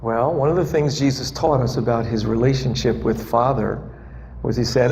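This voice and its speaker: With lively intonation and a moderate pace, a pastor whose mid-range voice is a little mellow chats through his sermon, joking with the congregation and asking them questions. The live church hall echoes, and there's faint background noise.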